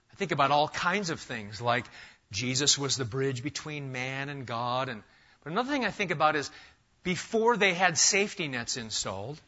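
A man preaching a sermon from the pulpit, building to loud, emphatic declarations. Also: medium pitch, dull audio. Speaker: pastor.

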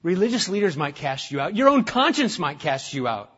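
A man preaching a sermon as pastor, passionately stressing points and then dropping to a hushed tone for prayer. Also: a little high, sing-song, brisk, slightly rough, muffled recording. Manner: impassioned, swinging from loud emphasis to hushed, intimate prayer. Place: church.

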